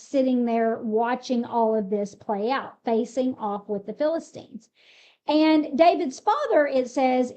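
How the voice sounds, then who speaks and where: A woman's voice: high-pitched, warm tone. A woman casually retelling a Bible story, explaining it in a conversational way with fillers. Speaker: Bible teacher. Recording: slightly muffled recording.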